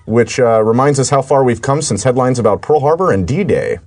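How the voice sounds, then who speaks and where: A man's voice: mid-range voice, big pitch swings, a little fast, a little mellow. A man co-hosting a comedy podcast, reluctantly reading out jokes with hesitant uhs. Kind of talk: casual comedy podcast banter.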